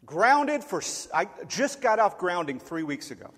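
A man in his forties preaching with a lively, joking storytelling delivery that slips into acted voices. His voice sits a bit higher than most men's, and a long reverb rings around him in a large hall. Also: moderate pace. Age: 40s. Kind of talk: storytelling sermon.

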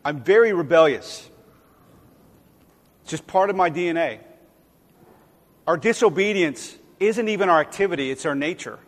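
Guy giving a chatty sermon, kinda high voice, lots of hall echo. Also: expressive, moderate pace, pauses often. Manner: conversational, acts out quoted voices. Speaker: pastor. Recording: long hall reverb.

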